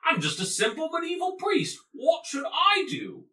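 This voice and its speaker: A man voicing a flustered, untrained medieval village priest in an exaggerated Cockney accent, high and shouting. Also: very animated, moderate pace, recorded from a distance. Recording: roomy echo, off mic, faint music.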